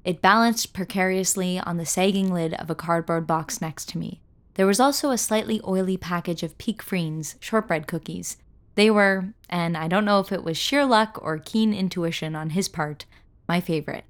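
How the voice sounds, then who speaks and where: A woman reading a first-person audio story as narrator, in a measured, wry storytelling manner. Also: fairly low pitch.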